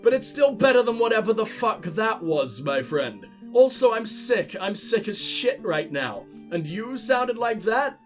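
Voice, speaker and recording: A man's voice: high-pitched, very animated, moderate pace, hardly any pauses, soft background music. A man commentating on his own gameplay, sarcastic and profane, mocking what he sees. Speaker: let's play host.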